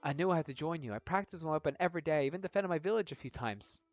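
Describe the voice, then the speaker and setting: A breathless young woman superfan bubbling over with excitement, as a man puts her on in a high, sing-song voice. She gushes with lively swoops of pitch in a tabletop game, over slightly dull, lo-fi sound with faint music behind. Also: very fast, no room sound, close to an everyday voice. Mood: pleading. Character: eager young woman adventurer, gushing superfan.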